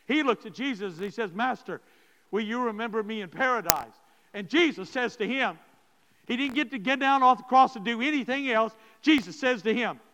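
Man, pastor, sermon storytelling, high, bright, emphatic, reverberant hall. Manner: emphatic preacher addressing the congregation directly.

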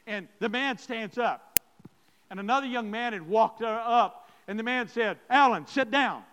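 A man's voice: very high voice, a little slow, fairly bright tone, a little hiss or hum. A male pastor telling stories in a sermon and speaking directly to his congregation. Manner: emphatic preacher addressing the congregation directly. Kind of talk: sermon storytelling. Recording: long hall reverb.

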